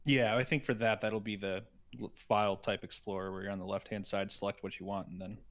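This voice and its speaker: A man's voice: lowish voice, level tone, fairly quick, fairly bright tone. A man with a Midwestern American accent talking casually and easily through app design with a partner on a stream. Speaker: software developer streaming with a partner.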